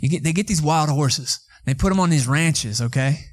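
A man's voice: on the high side, moderate pace. A young man from Atlanta, preaching a sermon in a conversational, storytelling way. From Atlanta, Georgia. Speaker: pastor.

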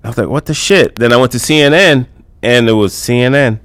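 A man's voice: medium pitch, quick pace, a bit bright, smooth. A man on a radio talk show, telling a story bluntly and profanely with rambling asides. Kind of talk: casual radio chat. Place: radio studio.

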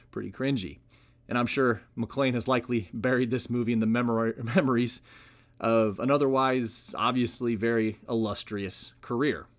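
A man's voice: mid-range voice, steady tone, moderate pace. A man hosting a history podcast, telling the story conversationally with wry asides. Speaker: podcast host. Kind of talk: casual history podcast narration.

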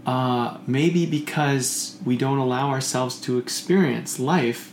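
A man talking in casual conversation, rambling and animated, often swearing and acting out the voices he quotes. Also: mid-range voice, slow pace. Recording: echoey room with faint noise.

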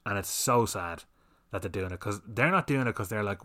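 A man's voice: fairly low pitch, a little fast, a bit bright. A man hosting a solo podcast, ranting fiery and sweary about comedy and censorship. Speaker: podcast host.

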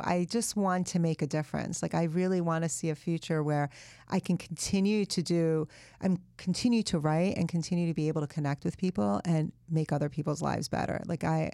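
A woman's voice: lowish voice, vocal fry, darkish tone, dry recording, clean studio sound. A woman author being interviewed on a podcast, speaking earnestly and thoughtfully in casual chat. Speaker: author and guest.

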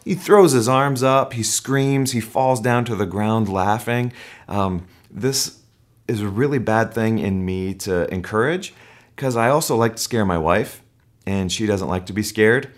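Animated, storytelling male preacher. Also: lowish voice, measured pace. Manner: animated storytelling, acts out voices. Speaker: pastor. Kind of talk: sermon.

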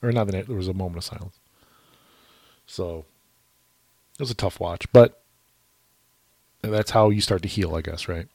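A man chatting casually as a podcast co-host, relaxed and agreeable, with many short affirmations. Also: sits low, normal speed, pauses often, slightly rough, no room sound. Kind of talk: casual chat.

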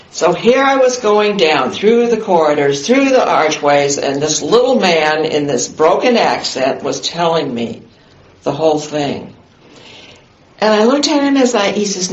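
An older woman with a low voice and big pitch swings recalls a memory at an unhurried, leisurely pace, halting now and then with fillers. The roomy, slightly dull lo-fi recording resembles an oral history interview.

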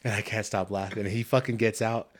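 A young man with a lowish voice tells a rambling work story on a podcast, swearing freely. He talks casually and keeps breaking into laughter as he goes. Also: steady tone, fast talker. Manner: profane, storytelling, prone to laughing fits. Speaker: podcast host. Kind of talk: casual chat.

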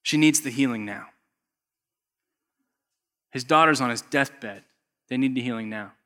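A man preaching a conversational sermon, acting out characters and swinging from loud bursts to hushed asides. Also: mid-range voice, a little slow. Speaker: pastor. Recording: echoey long hall reverb.

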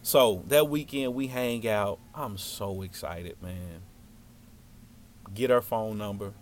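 A man telling a story from his childhood in a casual, slangy, animated way. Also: fairly low pitch, slow pace.

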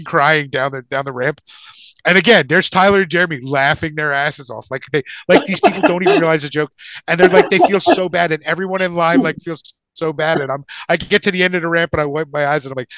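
Young guy racing through a funny story on a podcast, bright sharp voice, dry close sound, acts out the other people, swears a lot. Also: a little high, quick pace, no echo. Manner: animated, swears freely, acts out people in his stories. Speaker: podcast co-host. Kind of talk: casual storytelling chat.

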